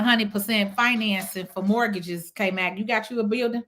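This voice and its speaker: A woman's voice: mid-range voice, moderate pace, hardly any pauses. A middle-aged woman from Chicago hosting a casual livestream, talking bluntly and profanely as she answers viewer comments. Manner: blunt, profane, animated talk. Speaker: real estate investor hosting a livestream.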